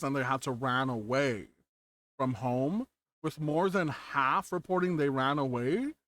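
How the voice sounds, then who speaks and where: A man hosting an interview chat, earnest and emphatic, repeating key words for weight. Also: medium pitch. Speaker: host.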